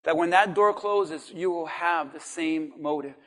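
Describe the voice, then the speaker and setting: High-voiced preacher giving a dramatic sermon. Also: male voice, a little slow, hardly any pauses, a bit bright. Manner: dramatic, acts out voices of people in hell. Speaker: pastor.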